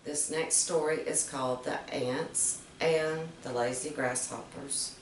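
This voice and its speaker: A woman reading fables aloud to children, gently explaining each moral with questions to her listeners. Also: low voice, steady tone, slow pace, slight background noise. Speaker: storyteller. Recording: roomy, distant mic.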